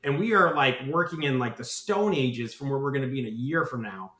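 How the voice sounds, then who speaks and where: A man's voice: medium pitch, a little fast, pushed and bright, reverberant. A man who founded a marketing agency, speaking as a podcast guest, talking with enthusiasm and rambling, often tagging his points with "right?". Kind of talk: podcast interview.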